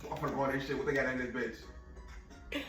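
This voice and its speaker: A man's voice: mid-range voice, flat delivery, fast, a bit bright, far from the mic, faint music behind. A man playing a video game alongside his partner, making blunt, cursing callouts in casual chat. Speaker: gaming partner. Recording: roomy echo.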